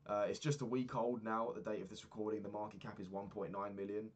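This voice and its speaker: A man's voice: on the low side, flat delivery, fast talker. A man talking through his week in a casual diary vlog, rambling and swearing freely as he rants. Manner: rambling, profane ranting. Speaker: vlogger.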